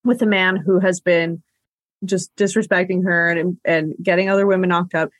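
A woman's voice: on the low side, fairly even intonation, normal speed, dry recording. Young woman, podcast host, chatty, filler-heavy, dry close mic. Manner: chatty, lots of "like", bursts of laughter. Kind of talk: casual chat.

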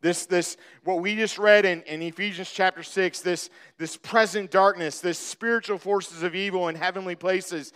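Male pastor, sermon, high voice, smooth and clear, animated storytelling. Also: normal speed, hardly any pauses. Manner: animated storytelling, acting out the scripture.

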